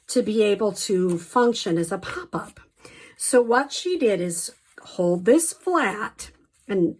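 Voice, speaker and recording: A woman giving a casual card-making tutorial, chatty and enthusiastic, with frequent ums and little asides. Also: mid-range voice. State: slight allergy cough.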